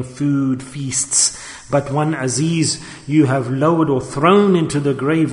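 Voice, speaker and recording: A man preaching a sermon with emotion, firing rhetorical questions at his listeners and often dropping to a hushed tone. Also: mid-range voice. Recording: echoey hall with long reverb.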